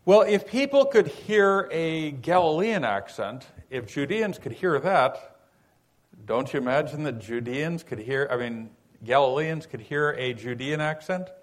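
A man, raised in California, teaching a Bible passage in an unhurried, folksy sermon full of "you know" asides. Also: fairly high pitch, expressive. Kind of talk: conversational sermon.

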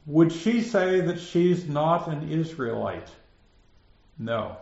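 A man with a northern Minnesota accent teaches scripture at an unhurried, deliberate pace. His speech is flat, and even his questions land like statements. The room is roomy and the sound slightly dull. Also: a little high, vocal fry. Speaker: Bible teacher. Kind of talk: relaxed Bible teaching.

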